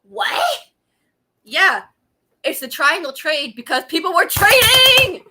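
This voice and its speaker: Woman, young, profane livestream rant, bright voice that swings all over. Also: very high-pitched, sing-song, slow pace, slight background noise. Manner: angry profane rant with frequent laughs. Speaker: vlogger. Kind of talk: ranting casual livestream. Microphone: laptop webcam.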